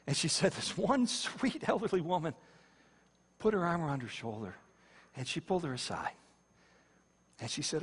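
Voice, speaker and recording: A man's voice: on the high side, animated, normal speed, long pauses, breathy edge, long reverb tail. A man giving a sermon-style personal testimony, telling his story vividly with repetition and acted quotes.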